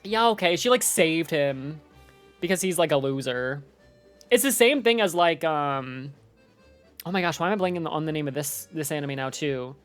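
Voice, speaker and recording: Slangy young woman streamer, lowish voice. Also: animated, moderate pace, soft background music. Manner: slangy, loose and rambling, full of "like" and "dude". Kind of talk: casual live-stream chat.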